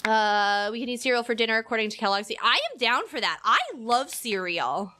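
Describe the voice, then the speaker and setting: A woman hosts a relaxed live stream, speaking her mind in a loose, rambling flow. Her voice is bright and clear. Soft music plays faintly underneath. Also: a little high, a little fast. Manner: rambling, candid, opinionated. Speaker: streamer and co-host. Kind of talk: casual live-stream chat.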